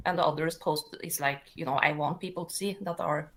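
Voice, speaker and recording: Middle-aged norwegian woman, lowish voice, rambling and kind of defensive. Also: steady tone, fairly quick. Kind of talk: casual talk.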